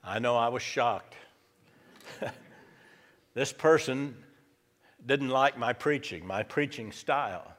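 A man's voice: medium pitch, slow, long pauses, a bit bright. Male pastor, emphatic sermon delivery, repeats points, mid-range voice, long hall reverb. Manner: emphatic, repeats key lines for effect.

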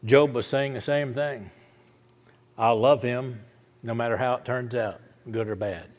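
A man preaching a sermon, repeating lines with rising emphasis and dropping soft and low at the ends of thoughts. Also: fairly even intonation, unhurried. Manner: emphatic repetition, rising to loud declarations. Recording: long hall reverb.

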